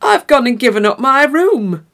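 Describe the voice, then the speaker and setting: A woman's voice: mid-range voice, sing-song, normal speed. A woman reading the part of a heavy man staying at a hotel, who speaks bluntly and plainly. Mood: flustered.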